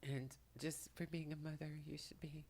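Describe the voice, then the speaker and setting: Woman close to tears, low flat voice with a bit of fry, soft and halting, slips into whispers. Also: a little hiss or hum. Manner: halting and soft-spoken, often dropping to a whisper. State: tearful. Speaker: spiritual channeler and makeup vlogger. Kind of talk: emotional channeling talk to camera. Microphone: camera mic, speaking to the camera.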